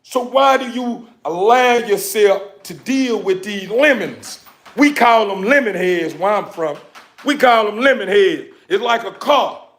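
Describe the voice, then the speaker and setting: Fired-up man with a gravelly, high voice. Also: animated, unhurried, fairly bright tone. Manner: preachy, repetitive, fired-up street talk. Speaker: dog breeder vlogger. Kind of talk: casual motivational talk to camera.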